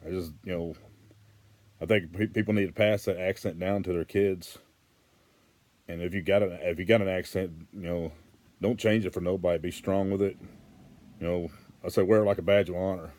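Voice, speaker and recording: A man's voice: low-pitched, fairly even intonation, normal speed, pauses often, a little mellow. A man with a Western Arkansas accent, talking casually to camera in a rambling, plainspoken way that repeats and restarts. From Arkansas, USA. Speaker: vlogger.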